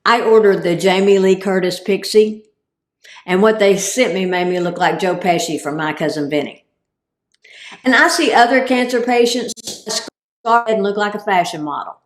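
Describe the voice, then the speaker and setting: A woman's voice: mid-range voice, moderate pace, roomy sound. A woman giving a humorous, self-deprecating talk as a guest speaker and cancer survivor. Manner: comic, self-deprecating delivery.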